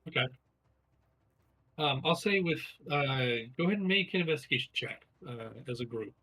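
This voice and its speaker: A man's voice: medium pitch, expressive, moderate pace, sharp tone, poor audio. A man running a tabletop game as game master, narrating and answering players in a hesitant way as he searches for words.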